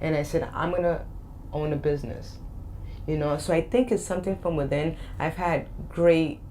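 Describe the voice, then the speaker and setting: A woman's voice: low-pitched, fairly even intonation, moderate pace, mellow, a little hiss or hum. A woman in her forties with a Boston and Spanish accent, a guest life coach speaking in an upbeat, emphatic interview chat. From Boston, USA. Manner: upbeat, emphatic, repeats key phrases.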